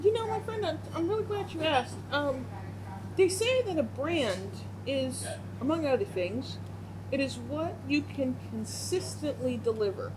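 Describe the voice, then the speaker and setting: A woman speaking casually at a writers' workshop, animated and chatty. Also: sits high, a little slow, background noise. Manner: animated, chatty, laughs easily. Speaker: guest speaker on writing.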